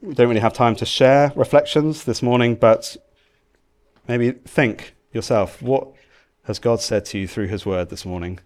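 A man's voice: medium pitch, moderate pace. A man, preaching a sermon to his church and acting out voices as he goes. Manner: animated, acts out shouting and cheering voices. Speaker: pastor.

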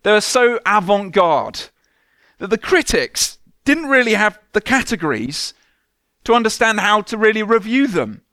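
A man, a church minister giving a relaxed, conversational sermon with light self-mocking humour. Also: high voice, a little slow, no echo, clean studio sound. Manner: conversational, self-deprecating humour, soft prayerful tone when praying.

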